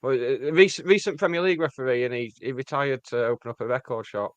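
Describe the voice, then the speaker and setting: A man's voice: mid-range voice, no room sound, lo-fi sound. Joking man, dry close mic. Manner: jokey, rambling, quick asides. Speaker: podcast co-host. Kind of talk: casual chat. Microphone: podcast mic.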